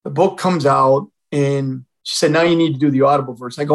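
With hardly any pauses, the older Illinois man talks fairly quickly in a mid-range voice and fairly even intonation. He is a retired fire chief guesting on a podcast, narrating a personal story and acting out what people said. The recording is low quality.

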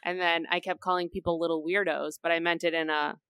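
A young woman co-hosting a podcast, telling stories in a relaxed, casual way and laughing easily. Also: fairly low pitch, quick pace, clear, resonant tone, no echo. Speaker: podcast co-host. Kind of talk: casual book discussion chat.

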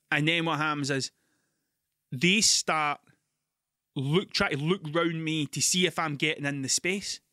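A Scottish man hosting a podcast, telling stories in an animated, sweary, ranting way. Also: sits high, dry recording, clean studio sound. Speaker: podcast host. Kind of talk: casual monologue.

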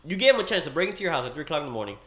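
Fast, lively man arguing his case. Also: on the high side. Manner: argumentative, plays out scenes step by step. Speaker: podcast co-host. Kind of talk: casual chat. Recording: roomy echo.

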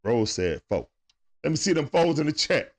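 A man giving casual, excitable play-by-play commentary on a live stream, chatting with his viewers in slang. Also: a little high, normal speed.

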